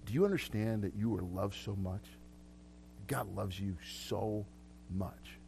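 A man's voice: fairly low pitch, unhurried, gravelly, a little mellow, slight background noise. A man preaching a sermon as pastor, talking conversationally with repeated words and frequent laughs. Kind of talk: sermon with prayer ministry.

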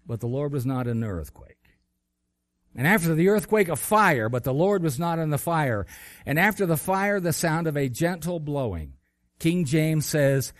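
A man preaching a sermon, retelling scripture with big swings between loud, high bursts and quiet, low lines. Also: no echo. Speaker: pastor.

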